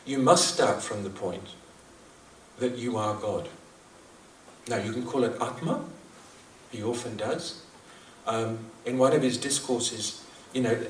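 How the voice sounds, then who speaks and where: A man gives a reflective spiritual talk in an earnest, thoughtful way, often restarting and repeating his phrases. His voice sits at a middle pitch. It is picked up from some distance in an echoey hall, with faint noise behind it. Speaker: speaker at a devotional gathering. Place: large hall at a celebration.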